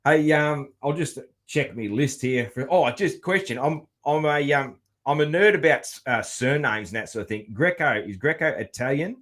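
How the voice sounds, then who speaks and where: A man's voice: a little high, lively intonation, moderate pace, few pauses, a bit bright. A man with an Australian accent hosting a podcast interview in a laid-back, casual way, swearing freely and leaning on fillers. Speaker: podcast host.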